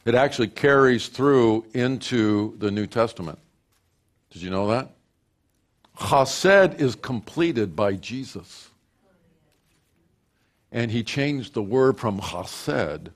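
An older man, a grandfather, preaching a sermon, moving from loud declarations to hushed, folksy storytelling. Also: medium pitch, expressive, slow, pauses often. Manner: folksy, repeats and restarts phrases. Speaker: pastor.

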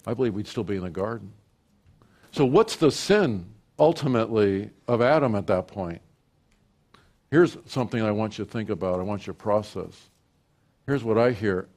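A man preaching a sermon from the pulpit. His voice sits at a middle pitch but swings widely, dropping low and quiet, then climbing high and loud when he acts out imagined prayers. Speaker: pastor.

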